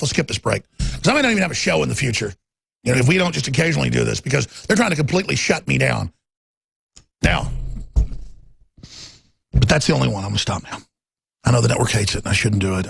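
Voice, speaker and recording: A middle-aged male talk radio host in full heated rant, stumbling over repeated words as he pushes on. His voice is gravelly and husky, sitting a little high, and the studio sound is dry and close. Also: sing-song, fast, pauses often, fairly bright tone, no echo. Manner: ranting, repeats words, acts out quotes in raised voices. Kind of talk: heated political monologue.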